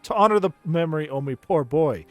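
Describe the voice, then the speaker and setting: A man's voice: a little high, lively intonation, fairly quick, dry recording, soft background music, voice pushed down, lightly acted. A man voicing a frail grieving old woman who wails in a folksy dialect, reading game dialogue aloud. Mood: scolding. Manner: dramatic folksy dialect, wailing.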